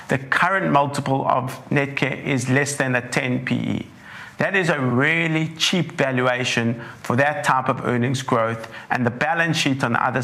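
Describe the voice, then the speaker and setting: A man, a portfolio manager with a croaky, hoarse throat, giving a measured webinar presentation that walks through charts. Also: medium pitch, pushed and bright. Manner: measured, leans on "importantly", walks through slides.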